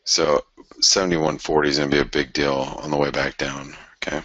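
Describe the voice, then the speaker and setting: Very deep-voiced excitable trading show host. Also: male voice, brisk, no room sound, dull audio. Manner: excitable, exclaims at charts, thinks aloud. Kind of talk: live market commentary.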